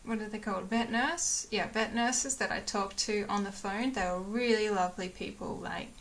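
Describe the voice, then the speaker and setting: A young woman talks to her camera in a small room at home, chatty and rambling, full of fillers. Her voice is bright and clear. She slips into little acted-out quotes of what people said. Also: mid-range voice, moderate pace, a little hiss or hum. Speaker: vlogger. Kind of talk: casual chat to camera.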